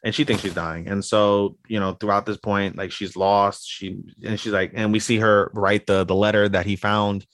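A man's voice: fairly low pitch, little pitch movement, moderate pace, few pauses, fairly bright tone, dry recording. A man co-hosting a podcast, rambling through a casual recap with lots of fillers and casual swearing. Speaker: podcast co-host.

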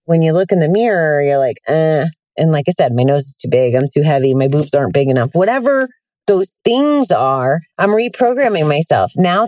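Sitting in a hot car, a tired, yawning woman hosts a casual self-help podcast in a low-pitched, darkish voice with no echo. She's chatty and candid, filling her talk with plenty of ums and likes.

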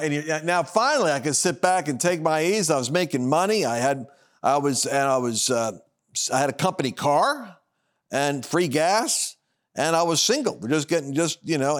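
A man minister giving a personal testimony on a broadcast, acting out the dialogue as he tells it, with loud high bursts and low quiet asides. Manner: acts out quoted dialogue in his telling.

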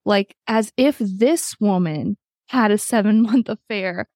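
A woman's voice: mid-range voice, takes it slowly, a little mellow, dry recording, studio quality. A woman hosting a podcast, chatting casually through a reality-show recap, swearing freely and acting out quotes. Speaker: podcast host.

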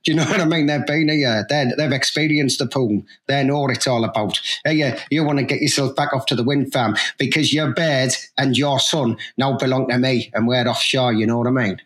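A man's voice: medium pitch, steady tone, brisk, few pauses, a bit bright, natural voice. A man playing a brash, boastful offshore worker at his own wedding, rambling and cocky. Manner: cocky, rambling, keeps saying you know what I mean. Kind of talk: improvised comedy sketch.

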